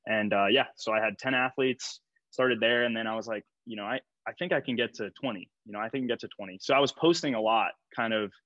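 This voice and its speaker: A man's voice: lowish voice, fast, fairly bright tone, dry recording, lo-fi sound. A young male strength coach talking casually in a podcast interview, rambling with lots of fillers and laughing easily.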